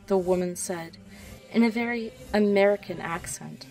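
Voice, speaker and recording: A woman reading a fan story aloud in a calm, quiet voice. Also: on the low side, normal speed, distant mic, faint music behind, poor audio.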